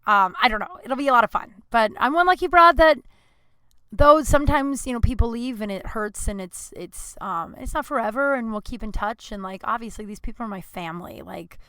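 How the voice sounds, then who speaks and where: A woman's voice: a little high, lively intonation, fairly quick, bright, forceful tone, clear, resonant tone, no echo. A woman in her thirties hosting a podcast alone, telling stories in a rambling, chatty way full of fillers and self-aware laughs, recorded in a small closet at home. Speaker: podcast host. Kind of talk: casual storytelling monologue.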